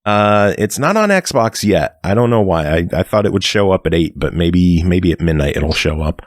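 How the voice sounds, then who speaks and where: A man's voice: sits low, expressive, no room sound. Podcast host, male, casual news rundown, dry close mic. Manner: brisk news rundown with fillers and swearing.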